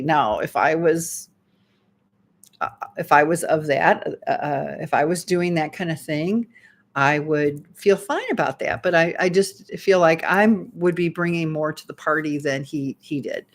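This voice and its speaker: A woman's voice: low voice, a little slow. A woman in her fifties, a dating coach telling a personal story as advice in a chatty, rambling way. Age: 50s. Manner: chatty, rambling, acts out quoted dialogue.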